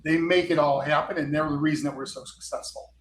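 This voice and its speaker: A man's voice: on the high side, steady tone, quick pace, echoey room, rough recording. A man who owns a repair shop, speaking as a podcast guest in a modest, chatty way. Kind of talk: casual podcast interview.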